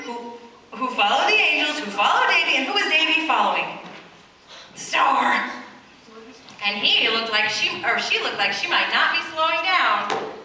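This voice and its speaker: Lively woman reading to children in a church. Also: on the high side, a little hiss or hum. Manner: animated, questions the children as she reads. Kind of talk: reading a picture book aloud to children. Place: church, large indoor space. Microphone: far camcorder. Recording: echoey church hall from far off.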